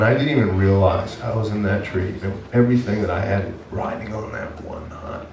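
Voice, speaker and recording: A male pastor preaches with earnest, emotional storytelling. His voice sits on the low side. The recording is roomy and distant, with a faint hum of the hall behind him. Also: steady tone, a little fast, hardly any pauses, a little mellow. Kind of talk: sermon. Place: church sanctuary. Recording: echoey church heard from afar.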